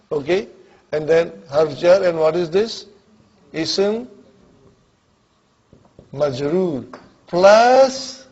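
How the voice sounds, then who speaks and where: A man's voice: sits high, darkish tone, highs cut off. A man teaching an Arabic grammar class, often asking whether students follow and calling on them by name. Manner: checks understanding often, calls on students by name.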